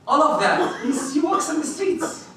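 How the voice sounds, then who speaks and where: Preacher, male, lively sermon delivery, high ringing voice, heard from a distance in a reverberant mosque hall. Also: measured pace, a little hiss or hum. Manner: animated, acts out little scenes, questions the listeners. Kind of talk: sermon to a congregation. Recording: echoey hall, distant mic.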